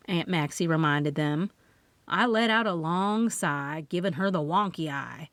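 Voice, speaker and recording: A woman reading first-person audiobook narration in a lively, expressive voice on a close microphone. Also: sits low, moderate pace, no echo.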